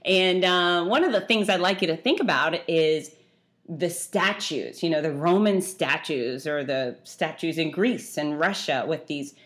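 Middle-aged lady ranting on her podcast, kinda low voice, blunt and chatty. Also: a little slow. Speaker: podcast host. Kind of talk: casual solo podcast monologue.

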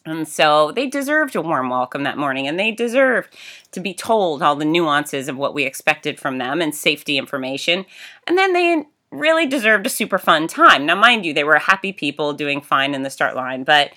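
A middle-aged woman telling a story in a casual, animated way, with laughs and exclamations. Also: low-pitched, normal speed. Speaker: race announcer and fitness host.

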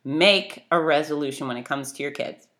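A woman's voice: sits low, normal speed, fairly bright tone. A middle-aged woman giving an emphatic, blunt motivational talk that urges listeners to act. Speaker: motivational speaker.

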